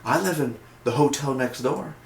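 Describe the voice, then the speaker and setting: A blunt, humble president scolding a roomful of officials in a raised, pointed voice, as a reviewer puts him on. His pitch climbs well above the reviewer's own. The room is echoey, with faint noise underneath. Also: expressive, moderate pace, lightly acted.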